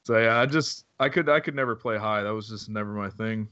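A man's voice: lowish voice, fairly quick, slight background noise. Laid-back, swearing male host. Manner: relaxed, profane, laughs often. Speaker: interview host. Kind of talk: casual interview chat. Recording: dull lo-fi recording.

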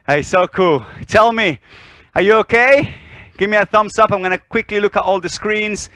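Out of breath guy running a dance class on a video call, kinda high voice, dry close sound, keeps repeating himself. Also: moderate pace, dry recording. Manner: energetic counting and cueing, often repeats himself. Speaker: dance instructor. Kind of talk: live online dance class.

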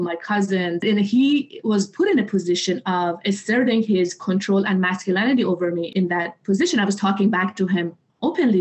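Woman, candid storytelling, blunt, swears freely, pitch jumps up on emphasis, medium voice. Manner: expressive, rising pitch on emphasis.

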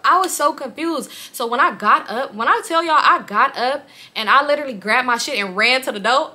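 A young woman vlogger telling a personal story in a candid, animated way, swearing freely. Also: on the high side.

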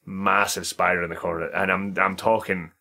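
A man's voice: low voice, normal speed, gravelly. A young man, co-hosting a podcast and telling funny stories with laughter and swearing. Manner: animated storytelling with laughter and swearing. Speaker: podcast co-host. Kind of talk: casual chat among friends.

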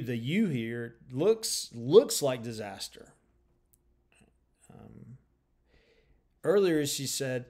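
A man explains a poem in an unscripted lecture, with a gravelly, creaky edge to his mid-pitched voice. He thinks aloud as he goes, restarting phrases and letting sentences trail off before pressing on. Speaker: literature lecturer. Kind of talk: informal spoken lecture.

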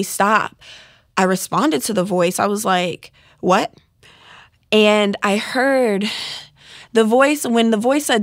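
A woman's voice: medium pitch, no echo, studio quality. A woman in her twenties telling a personal faith testimony in an earnest, heartfelt way. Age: 20s. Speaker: testimony speaker.

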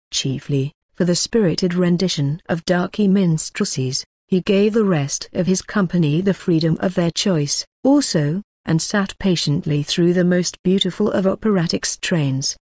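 A woman narrating a classic novel as an audiobook, with a measured, unhurried reading. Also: on the low side, mellow, dry recording, clean studio sound.

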